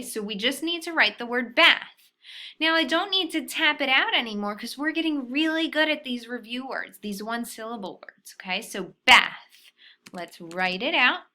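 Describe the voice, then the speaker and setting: Slow, bright-voiced woman teaching phonics. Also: a little high. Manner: patient, slow teaching, checks in with frequent soft "okay?". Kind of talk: phonics lesson for young children.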